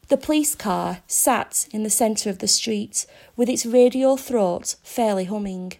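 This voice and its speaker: Slow, measured woman reading a story. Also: mid-range voice, gravelly, warm tone. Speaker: narrator.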